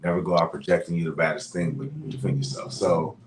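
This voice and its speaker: A man from Louisiana, a guest boxer, chatting in an interview, talking fast with lots of fillers as he tells stories. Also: low-pitched, steady tone, slight background noise. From Louisiana, USA. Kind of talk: casual interview chat. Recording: echoey room.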